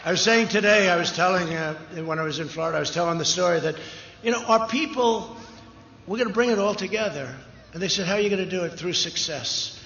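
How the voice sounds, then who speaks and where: A man's voice: sits high, quick pace, gravelly, fairly bright tone. Man speaking at a rally, echoey PA sound. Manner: rambling, repetitive, boastful riffs. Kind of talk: campaign rally speech. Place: outdoor rally before a large crowd. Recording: echoey, dull PA sound with crowd noise. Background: cheering crowd.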